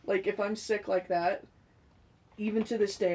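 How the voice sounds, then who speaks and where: Profane animated woman telling stories. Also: mid-range voice, moderate pace, long pauses, a little hiss or hum, rough recording. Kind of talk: casual chat.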